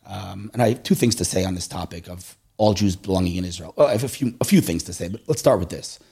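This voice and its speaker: A middle-aged man telling stories in a casual conversation, animated and acting out voices, often checking in with "right?". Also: sits low, quick pace, gravelly, breathy edge.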